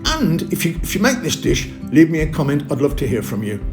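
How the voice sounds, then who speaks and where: A man's voice: on the high side, wildly swooping pitch, a little fast, over music. A man hosting a cooking video, talking viewers through each step in a chatty, upbeat way. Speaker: cooking channel host. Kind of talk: casual cooking demonstration.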